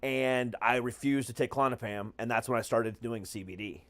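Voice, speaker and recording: Male podcast host, mid-pitched voice, candid and crude, laughs things off. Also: moderate pace, fairly bright tone. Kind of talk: casual podcast chat.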